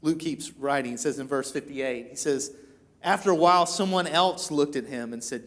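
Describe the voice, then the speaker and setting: A man with a high, light voice preaches a sermon in a church. He tells the story in a chatty way and jumps into animated voices for the people he quotes. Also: normal speed. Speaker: pastor.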